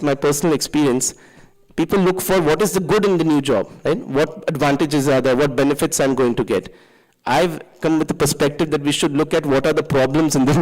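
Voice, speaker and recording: A man's voice: on the high side, darkish tone, rough recording. Man giving a conversational sermon. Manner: conversational preaching with rhetorical questions. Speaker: temple speaker.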